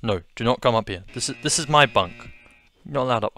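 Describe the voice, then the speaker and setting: A young man with an Australian accent giving excitable let's-play commentary, gasping and repeating his exclamations. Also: mid-range voice, fast talker, a little hiss or hum. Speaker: gaming video host.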